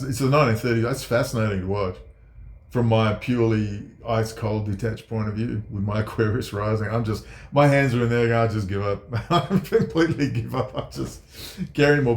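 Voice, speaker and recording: Sarcastic, profane ranting man. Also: a little mellow. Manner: sarcastic, profane, swings from low mutters to high mocking outbursts. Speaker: commentator. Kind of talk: ranting political commentary. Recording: echoey room.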